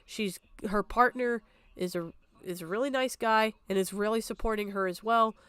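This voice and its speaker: A woman's voice: medium pitch, fairly even intonation, normal speed, a bit bright, clear, resonant tone, dry recording. Tearful, upset young woman streamer. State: on the verge of tears. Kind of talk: emotional livestream talk.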